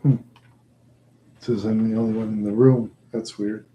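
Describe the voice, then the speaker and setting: A tired, sleepy man chatting alone on a livestream, talking slowly with sighs and trailing words. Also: on the low side, level tone, dark tone, slight background noise, low-quality recording. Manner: slow, drowsy, sighing and trailing off. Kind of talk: sleepy solo livestream chat.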